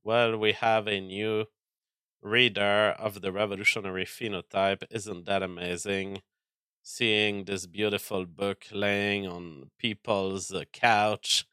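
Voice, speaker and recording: A man's voice: on the low side, little pitch movement, slow pace, pushed and bright, clear, resonant tone, no room sound, clean studio sound. A man hosting a casual livestream, answering chat with mock-angry, profane rants and stammering restarts. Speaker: livestream host reading chat.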